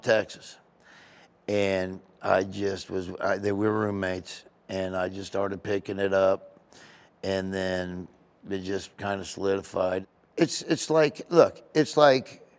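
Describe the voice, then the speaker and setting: A man's voice: on the low side, a little mellow. A man, a comedian guest, telling rambling stories in a casual interview. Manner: rambling, storytelling with asides.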